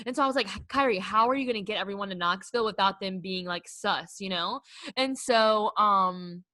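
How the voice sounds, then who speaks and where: A woman's voice: mid-range voice, brisk, pushed and bright, dry recording. A young woman co-hosting a podcast, telling a story in casual chat, filling her talk with "like". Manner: chatty storyteller, heavy use of "like". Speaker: podcast co-host.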